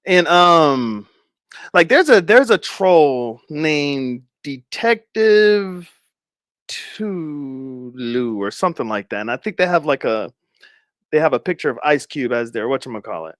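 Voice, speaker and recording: A man's voice: on the high side, very animated, slow, a bit bright, no room sound, clean studio sound. A man giving casual, rambling commentary to his viewers, laughing often and speculating. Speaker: commentary streamer.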